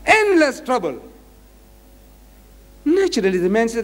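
A man giving a lively religious lecture, emphatic and repetitive as he cites scripture. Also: extremely high pitch, moderate pace, long pauses. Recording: echoey lecture hall.

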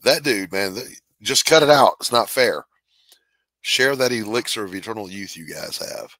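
Middle-aged male host, deep and punchy, joking banter, dead-dry home studio sound. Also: normal speed, bright, forceful tone, dry recording. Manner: wisecracking, laughs and coughs through jokes. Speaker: podcast host. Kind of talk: casual comedic chat.

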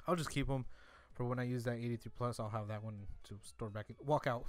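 A man's voice: mid-range voice, fast talker, hardly any pauses. A young man giving rambling casual commentary while opening game card packs, repeating himself with mock-defensive asides. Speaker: gaming YouTuber.

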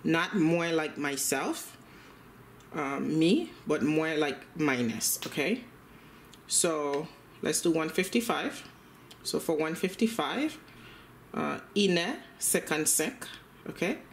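Language teacher, middle pitch, patient and repetitive, checks in after every phrase. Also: lively intonation, slow, pauses often, slight background noise. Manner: patient, repeats each phrase and checks in with "okay?". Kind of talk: spoken language lesson.

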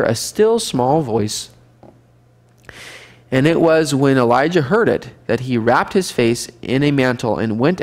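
A man teaching a Bible study class, reading scripture aloud and explaining it in a conversational way, asking the class questions. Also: mid-range voice.

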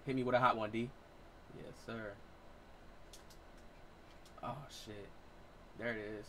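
A man in his late twenties giving excitable, profane live gameplay commentary as a streamer, trash-talking. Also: lowish voice, slow, slight background noise. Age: 20s. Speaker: gaming streamer.

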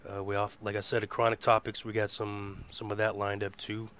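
A man hosting a casual live internet radio show. His voice is hoarse, and he rambles in a laid-back way and swears freely. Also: fairly low pitch, monotone, fairly quick, fairly bright tone. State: hoarse from a rough voice. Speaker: host.

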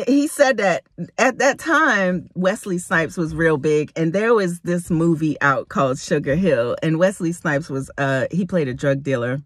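A woman telling a personal story in a vlog, animated and dramatic, breaking into laughs. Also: low-pitched, no room sound, clean studio sound.

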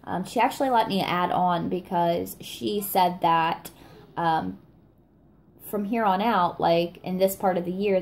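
A woman chatting excitedly in a casual product review vlog, full of fillers and little laughs. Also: lowish voice, gravelly. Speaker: wax melt reviewer.

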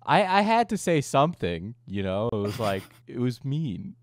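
A man's voice: medium pitch, sing-song, moderate pace, no echo. A young man hosting a casual podcast chat, rambling and joking crudely. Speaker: streamer and host.

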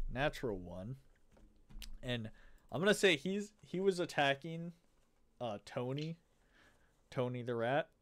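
A man running a tabletop game as game master, casual and laid-back, swearing freely. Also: mid-range voice.

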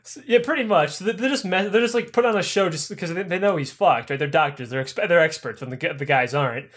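A man's voice: on the high side, fast, fairly bright tone. A man telling history as a comedy story, swearing a lot and acting out people's lines. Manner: crude, profane, acts out characters' lines. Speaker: podcast host.

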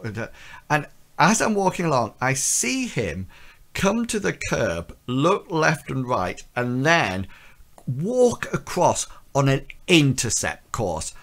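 A man, a vlogger telling a personal story in an animated way, his voice lifting as the tension builds. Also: medium pitch, a little slow.

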